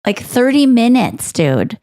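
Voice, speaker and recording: A woman co-hosting a podcast, ranting in a casual, animated way. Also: fairly high pitch, takes it slowly. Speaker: podcast co-host. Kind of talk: casual chat.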